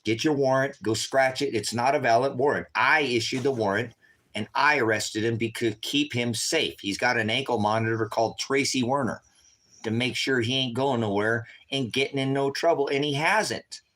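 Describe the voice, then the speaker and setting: A man's voice: medium pitch, normal speed, a bit bright. A man livestreaming to his viewers, talking urgently and repetitively, tired from staying up all night. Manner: urgent and repetitive, constantly addressing viewers as guys. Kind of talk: unscripted livestream talk to viewers.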